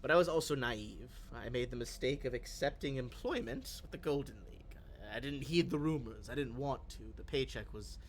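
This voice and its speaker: A man voicing an elderly alien woman who is disdainful and sharp-tongued, in live tabletop role-play. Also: mid-range voice, a little fast, hardly any pauses, natural voice. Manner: crisp and clipped, dry scorn.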